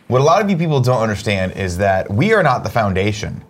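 A man's voice: on the low side, very animated, fast talker, slight background noise. A man hosting a casual comedy chat show, sarcastic and joking. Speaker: host.

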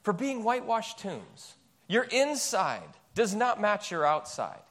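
Lively, high-voiced male pastor preaching. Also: slow pace. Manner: animated, emphatic preaching with rhetorical questions. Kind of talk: sermon. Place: church.

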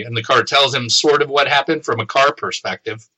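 A man co-hosting a podcast, casually retelling a novel's plot with profanity and quick voiced quotes. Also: mid-range voice, steady tone, bright, forceful tone, low-quality recording. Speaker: podcast co-host summarizing the book. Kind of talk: casual chat.

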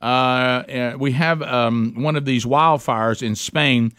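A man's voice: medium pitch, takes it slowly, fairly bright tone, smooth, no echo, studio quality. A man co-hosting a talk radio show, rambling with many restarts and growing defensive. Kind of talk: casual talk radio banter.

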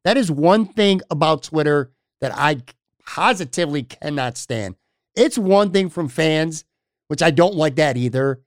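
A man hosting a sports podcast, speaking in casual chat with measured emphasis and addressing listeners. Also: a little high, expressive, no room sound, clean studio sound. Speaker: podcast host.

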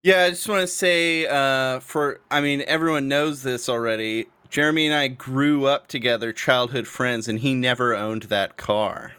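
A man's voice: mid-range voice, steady tone, moderate pace, few pauses, pushed and bright, clear, resonant tone. A man joining a game show from home by video call, laid-back and joking. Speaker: game contestant. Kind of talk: casual game show banter.

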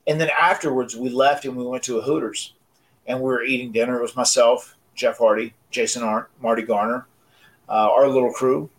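A man in his forties telling a casual story on a podcast, animated and often repeating words as he restarts sentences. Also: medium pitch, brisk, poor audio. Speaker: wrestler and podcast co-host.

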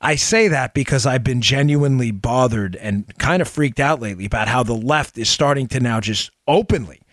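Sarcastic man with a bright, dry voice. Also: brisk, no room sound. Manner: sarcastic, mocking, swings between loud outbursts and low asides. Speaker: political talk show host. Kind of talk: opinionated commentary.

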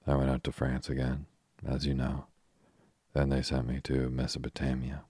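A man's voice: a bass voice, monotone, moderate pace, darkish tone, breathy edge, dry recording, studio quality. A man reading the lines of a rueful young ex-soldier who is out of work, glum and self-deprecating. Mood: gloomy.

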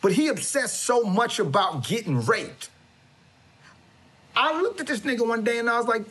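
A man's voice: very high-pitched, expressive, normal speed, pauses often, fairly bright tone, slightly rough. A man giving a swaggering, preachy comedic monologue with lots of stammering restarts. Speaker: comedic motivational speaker character.

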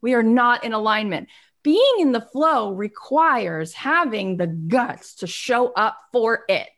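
A woman giving an expressive, animated motivational talk on personal growth. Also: on the high side, slow pace. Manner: expressive, acts out little scenes.

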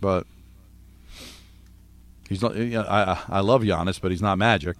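A man co-hosting sports talk radio, arguing his case with rapid rhetorical questions. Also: sits low, fairly bright tone, no echo.

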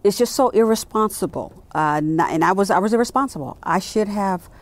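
A woman's voice: mid-range voice, expressive, fairly quick. A woman in her late fifties, an executive guest in an interview, telling her story with animation and acting out the dialogue she quotes. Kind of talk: conversational interview.

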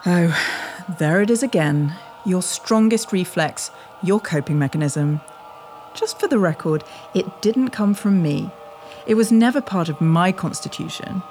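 A woman's voice: on the low side, animated, unhurried. A woman with a British accent, playing the lecturing inner voice of a man's primal brain in an audio drama. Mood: scolding. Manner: condescending, lecturing, sharp. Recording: voice over music bed.

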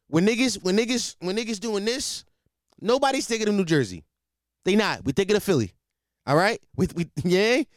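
A young man from Philadelphia with a Philly accent, ranting profanely for comedy, repeating himself and swinging between loud and low. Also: dry recording, studio quality. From Philadelphia, USA. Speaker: comedic ranter. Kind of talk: profane comedic rant to camera.

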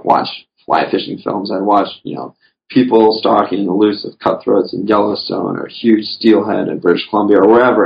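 A man chatting casually on a podcast as a guest, rambling through his stories with lots of "you know" fillers. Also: on the low side. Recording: dull lo-fi recording.

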